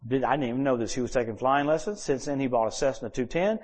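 A man preaching at a church service, telling personal stories and acting out quoted dialogue with sudden jumps in loudness. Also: medium pitch, quick pace. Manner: animated storyteller who acts out quoted dialogue with sudden shifts in loudness. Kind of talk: sermon storytelling.

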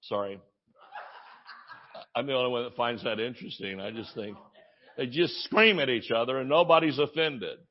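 A man preaching a sermon as a pastor, animated, with shouted exclamations and joking asides. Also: medium pitch, moderate pace, pauses often, lo-fi sound.

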